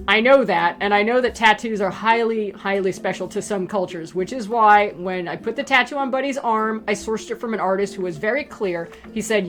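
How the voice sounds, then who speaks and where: A woman's voice: mid-range voice, normal speed, few pauses, fairly bright tone. A woman casually chatting through reader questions about her comic, rambling with lots of fillers and asides. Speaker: webcomic creator answering reader questions. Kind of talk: casual Q and A chat.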